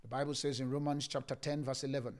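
A male pastor preaching a sermon, repeating phrases and moving from hushed whispers to loud shouts. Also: medium pitch, flat delivery, fast talker.

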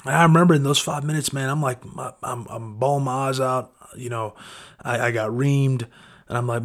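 A man's voice: mid-range voice, brisk. A man preaching a casual devotional talk, conversational and earnest, often saying "man" and "you know".

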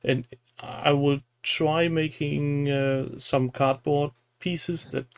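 A man co-hosting a podcast in casual chat, speaking hesitantly with frequent pauses. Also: fairly high pitch, little pitch movement, creaky, smooth. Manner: slow and hesitant, many "uh" fillers. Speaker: podcast co-host.

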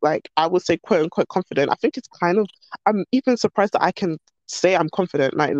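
A woman's voice: on the low side, fairly quick, no echo, lo-fi sound. A woman talking as a podcast guest in casual, bubbly chat that pokes fun at herself. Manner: bubbly, animated, self-mocking.

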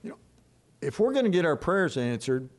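An older man preaching a sermon as a pastor, telling stories in a folksy, animated way. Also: on the high side, a little fast.

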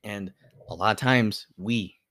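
An earnest young man hosts a solo podcast and talks in long, rambling stretches, filling his thoughts with "like" and quick restarts. His voice sits a little low, and the recording is dry and close, with no room sound. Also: fairly bright tone, dry recording. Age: young adult. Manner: earnest, rambling, heavy use of "like". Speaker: podcast host.

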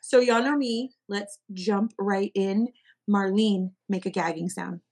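Giggly, slightly gravelly woman podcast host. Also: mid-range voice, measured pace. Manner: bubbly, giggly, animated. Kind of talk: casual chat. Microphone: streaming podcast mic.

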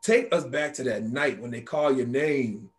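A man's voice: mid-range voice, moderate pace. Man, talk show host, encouraging, casual interview, mid-range voice. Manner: encouraging, frequent backchannel yeahs.

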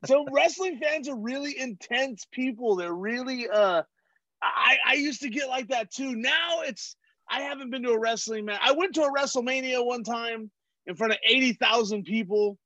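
A man from California with a strikingly high voice tells loud, profane stories and acts out other people's voices. He is a comedian guest, and he is recorded on a dull, dry track with no room sound. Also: normal speed, no echo. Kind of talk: casual chat.

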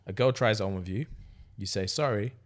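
A man's voice: low-pitched, fairly quick. A young man telling a story in casual podcast chat, acting out quotes and swearing freely. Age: young adult. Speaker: podcast co-host.

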